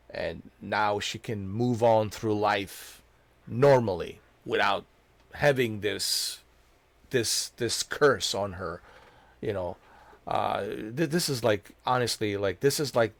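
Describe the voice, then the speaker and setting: A man's voice: fairly low pitch, creaky, no room sound. A man explaining a video game's story in casual, emotional commentary, repeating himself and calling the listener dude. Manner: emotional, repetitive, slangy with "dude". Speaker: gaming video creator.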